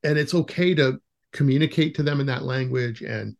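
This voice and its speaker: A man with an easygoing, mid-range voice hosts a podcast conversation. he tells anecdotes with animated energy and laughs often. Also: mid-range voice, brisk, gravelly, highs cut off. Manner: laughs often, animated when retelling stories. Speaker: podcast host interviewing an educator. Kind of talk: casual conversational storytelling.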